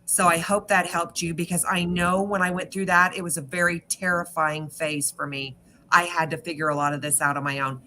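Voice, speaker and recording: Bright-voiced woman giving earnest reassurance. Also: fairly low pitch, little pitch movement, a little hiss or hum. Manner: earnest, reassuring, slow when stressing points. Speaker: reader on a spiritual live chat. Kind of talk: casual live-stream chat.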